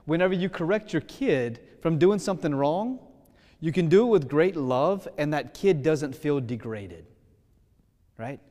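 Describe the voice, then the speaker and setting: A man preaching a sermon with passion, swinging between loud pleading prayer and hushed, gentle speech. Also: on the high side, animated, measured pace, long reverb tail.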